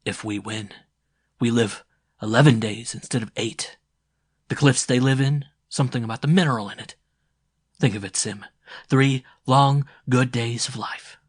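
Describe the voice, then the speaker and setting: Male narrator as a brash young warrior; sharp, pushy, a touch raised. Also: mid-range voice, moderate pace, slightly rough, dry recording, clean studio sound, lightly acted. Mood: aggressive. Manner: sharp, insistent.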